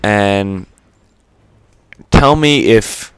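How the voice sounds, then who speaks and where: A man's voice: fairly low pitch, extremely slow, clear, resonant tone, no room sound. A man giving unscripted gameplay commentary, rambling and stuttery with lots of fillers and casual swearing. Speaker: gaming commentator.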